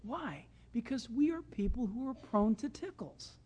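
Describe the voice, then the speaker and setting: Brief: storytelling preacher, animated sermon delivery, wide pitch swings. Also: unhurried, husky.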